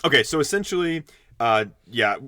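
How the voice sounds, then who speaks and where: A man's voice: fairly high pitch, expressive, fairly quick, bright, forceful tone, clean tone, no room sound. A man co-hosting a podcast, recapping a movie plot in a rambling, profane way with frequent laughs. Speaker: podcast co-host. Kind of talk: casual chat, recapping a movie.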